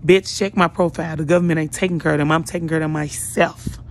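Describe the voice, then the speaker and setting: A woman's voice: sits low, steady tone, fast talker. Woman vlogger just out of bed going off at people, blunt, cussing, scolding the whole time. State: just woke up. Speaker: YouTube vlogger. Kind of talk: ranting commentary vlog.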